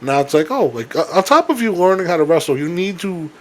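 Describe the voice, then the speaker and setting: A young man co-hosting a casual chat, rambling with halting restarts and swearing freely. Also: on the high side, very animated. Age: young adult. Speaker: podcast co-host.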